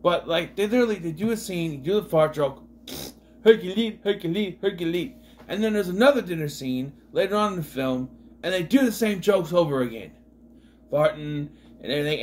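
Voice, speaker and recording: A man's voice: a little high, slight background noise. A man reviewing an old comedy film in a casual vlog, rambling with restarts and fillers.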